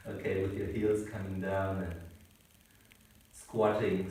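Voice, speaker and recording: Slow, calm man teaching yoga from afar. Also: low voice. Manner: calm, slow guiding instructions. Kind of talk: instructional yoga class. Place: on a sailboat. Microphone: camera mic at a distance. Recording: roomy distant camera audio.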